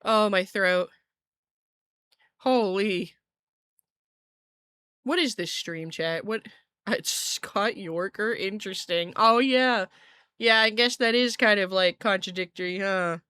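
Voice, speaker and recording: Woman, from Scotland, livestream chat, giggly, rambling, bright tone, dry close mic. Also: medium pitch, slow pace, pauses often, clear, resonant tone, no echo. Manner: giggly, rambling, self-interrupting. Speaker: virtual streamer. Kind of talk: casual livestream chat with viewers.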